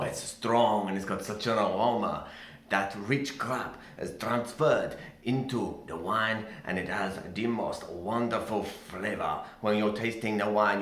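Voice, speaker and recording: A man voicing a pompous middle-aged male winemaker in a slow, sensual comic monologue over a video call. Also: lowish voice, a bit bright, slight background noise. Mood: savoring. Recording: echoey room.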